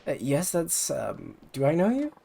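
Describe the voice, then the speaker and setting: A man's voice: on the high side, huge pitch swings, a little slow, vocal fry, mellow, breathy edge, pitched above the performer's own voice, full character voice. Game read: man doing a polite young girl idol, meek and hesitant, near his own voice. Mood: apologetic. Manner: apologetic, hesitant.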